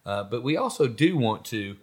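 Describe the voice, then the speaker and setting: A man co-hosting a casual podcast, animated and joking, often lifting his voice. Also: medium pitch, normal speed. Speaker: podcast co-host. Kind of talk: casual chat.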